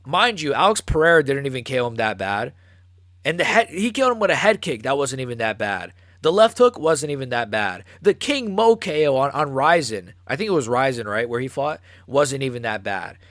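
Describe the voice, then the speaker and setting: A young man hosting a live fight reaction stream, ranting excitably and swearing, recorded close to the mic. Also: medium pitch, fairly quick, dry recording. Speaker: MMA channel host.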